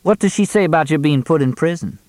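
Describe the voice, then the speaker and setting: A man voicing a sharp-tongued, middle-aged Southern woman with a probing, wry way of talking. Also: a little high, animated, fast, no room sound, voice pushed up, lightly acted.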